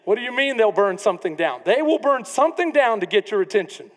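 A man preaching a sermon as pastor, animated, often acting out the people in his story. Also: sits high, quick pace. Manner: animated preaching, acts out quoted voices. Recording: long reverb of a church hall.

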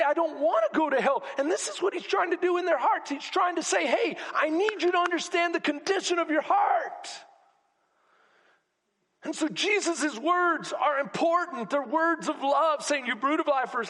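Man, pastor, sermon, very high voice, lively pitch swings, long church reverb. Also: breathy edge. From Texas. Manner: preaching with rising shouts and sudden quiet drops. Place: church sanctuary.

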